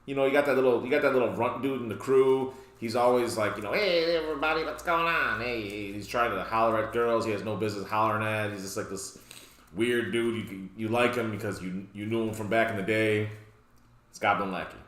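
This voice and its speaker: A man's voice: lowish voice, steady tone, brisk. A man hosting a casual card game deck walkthrough, rambling with joking asides. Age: adult, past his youth. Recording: roomy echo.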